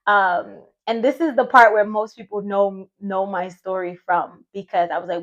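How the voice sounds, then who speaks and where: At normal speed and with hardly any pauses, a woman speaks in a steady, medium-pitched voice, the recording's highs cut off. In her thirties and from the United States, this vlogger and retreat host chats heartfeltly through her own story in a casual vlog, sometimes voicing what went through her head back then.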